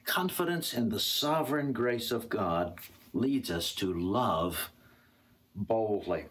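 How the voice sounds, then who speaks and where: A male pastor delivers a sermon in an earnest, deliberate way, often repeating a phrase before he moves on. His voice sits low and carries a slight husky texture. He alternates between plain explanation and reading scripture aloud. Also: lively intonation, a bit bright. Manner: earnest, repeats words for emphasis.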